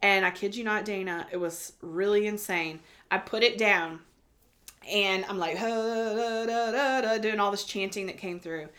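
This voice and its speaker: Lady medium on a podcast, bright voice, acts out everyone in her stories. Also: medium pitch, moderate pace. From United States. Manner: animated storytelling, acting out quoted voices. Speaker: guest, intuitive medium. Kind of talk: casual podcast interview.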